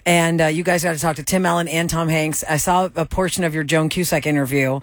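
A woman hosting a radio interview, asking quick, upbeat questions. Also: low-pitched, fairly even intonation, dry recording, studio quality. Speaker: radio host. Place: radio studio.

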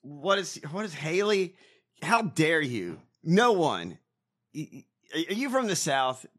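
Brash, profane man with a lively voice. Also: a little high, takes it slowly. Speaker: podcast host. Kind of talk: casual chat.

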